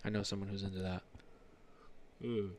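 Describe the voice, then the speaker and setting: A man's voice: lowish voice, level tone, moderate pace, darkish tone, a little hiss or hum. A man in his thirties hosting a casual podcast, telling rambling stories and swearing freely. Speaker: podcast host. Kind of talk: casual chat.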